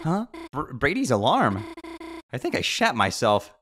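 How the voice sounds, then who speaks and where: A man casually reading AI-written game dialogue aloud and reacting, laughing often and swinging between deadpan reading and loud outbursts. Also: mid-range voice, a little slow, soft background music.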